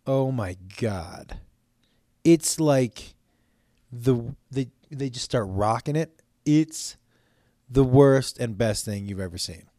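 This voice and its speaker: A man's voice: medium pitch, expressive, slow pace, long pauses, dark tone, dry recording, clean studio sound. A man hosting his own podcast in casual solo chat, rambling and jokey, swearing freely, with stammered restarts. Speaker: podcast host.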